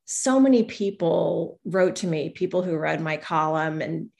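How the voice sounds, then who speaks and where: A woman's voice: sits low, expressive, a little slow, gravelly, a little mellow. A woman guest speaking candidly and reflectively in an interview, often acting out what other people said to her. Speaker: guest, newspaper columnist.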